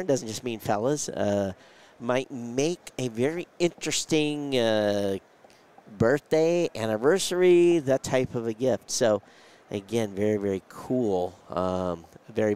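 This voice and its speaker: A man's voice: medium pitch, a little slow, a little mellow, smooth. Male host, clean resonant tone, loose rambling delivery full of fillers. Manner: rambling, lots of fillers and restarts. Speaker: event show host. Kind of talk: live interview chat.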